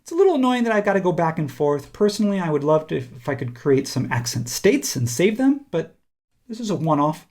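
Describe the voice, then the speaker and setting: A man teaching a software tutorial, talking casually and thinking aloud while he clicks through steps. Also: a little high, big pitch swings, fairly quick. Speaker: instructor. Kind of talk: screen-recorded software tutorial.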